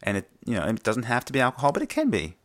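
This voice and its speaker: A man interviewing a guest, asking curious questions in a relaxed chat. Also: mid-range voice, racing. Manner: curious, asks questions with a laugh. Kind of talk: casual interview.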